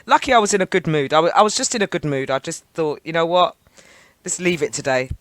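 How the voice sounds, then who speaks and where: A woman co-hosting a radio show, telling stories in an animated, chatty way. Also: low-pitched, fast talker, no room sound. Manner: animated, chatty storytelling with laughs. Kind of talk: casual radio chat. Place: radio studio.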